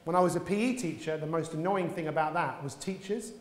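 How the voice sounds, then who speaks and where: Man, keynote speaker, high-pitched, motivational storyteller, echoey hall with long reverb. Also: fast talker. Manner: lively storyteller, acts out voices. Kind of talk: motivational conference talk. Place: conference hall.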